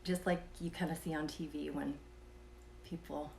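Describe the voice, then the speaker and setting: A woman telling a personal story in a casual, soft-spoken way, sometimes dropping to a whisper and chuckling between thoughts. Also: low voice, little pitch movement, moderate pace, vocal fry, background noise. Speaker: vlogger telling a personal experience.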